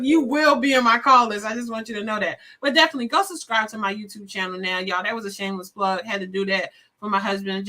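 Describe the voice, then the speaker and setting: A woman's voice: medium pitch, sharp tone. A woman hosting a live stream, signing off in a casual, effusive chat that often calls her viewers y'all. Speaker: live show host.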